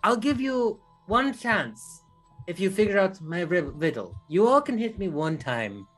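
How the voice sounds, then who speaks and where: A man doing a sneering man-eating creature with a thick put-on Eastern European accent. He draws out his threats slowly, and his pitch swoops up and down as he taunts. Faint music plays underneath. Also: very animated, full character voice. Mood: menacing taunting. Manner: slow, drawn-out, menacing taunting. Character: sinister male creature that eats people, mocking. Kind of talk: game master voicing a villain.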